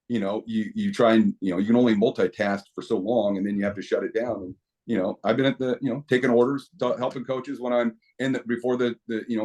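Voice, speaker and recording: A middle-aged man talking as a podcast guest, telling stories animatedly with many restarts. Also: medium pitch. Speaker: podcast guest, equipment company owner. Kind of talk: casual interview talk.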